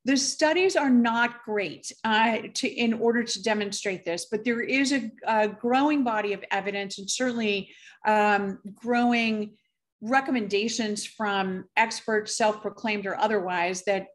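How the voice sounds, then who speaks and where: A middle-aged woman physician giving a conference presentation, speaking in a measured, careful way with frequent fillers and pauses. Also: medium pitch.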